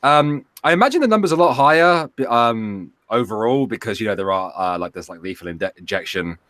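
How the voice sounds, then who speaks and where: A man's voice: mid-range voice, expressive, brisk, a bit bright, no echo. A man co-hosting a casual talk show, sharing news in a hesitant way with many fillers and dry humor. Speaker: co-host. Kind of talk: casual podcast chat.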